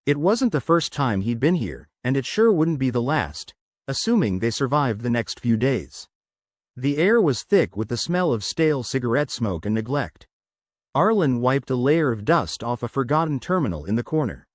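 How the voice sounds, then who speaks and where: Lively male sci-fi story narrator. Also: mid-range voice, moderate pace, no room sound, studio quality.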